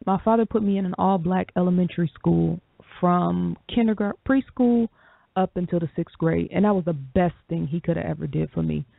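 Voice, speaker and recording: Measured, gravelly-voiced woman co-host heard over a phone line. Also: fairly low pitch, no room sound. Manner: reflective, measured, frequent ums. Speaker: radio show co-host. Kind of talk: call-in radio talk. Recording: dry tinny phone line.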